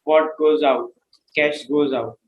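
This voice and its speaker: A man's voice: on the high side, steady tone, takes it slowly, echoey room, highs cut off. A male student reciting accounting answers hesitantly, with fillers.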